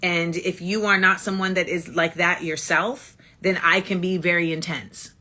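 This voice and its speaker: A woman's voice: on the low side, steady tone, normal speed, pushed and bright. A woman hosting a casual livestream monologue into a phone, blunt and emphatic, restating her points again and again. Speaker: livestream host.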